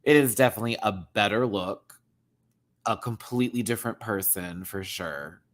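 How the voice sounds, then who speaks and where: Animated man ranting about a TV show. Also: on the low side, normal speed. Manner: animated, swings from hushed asides to loud exclaiming; laughs often. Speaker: drag show reviewer. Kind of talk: casual commentary rant to camera.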